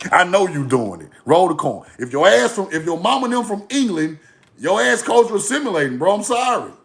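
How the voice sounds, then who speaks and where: Gravelly high-voiced man ranting. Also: very animated, brisk. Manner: blunt, profane, mocking, repetitive. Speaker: online commentator. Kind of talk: casual rant to camera.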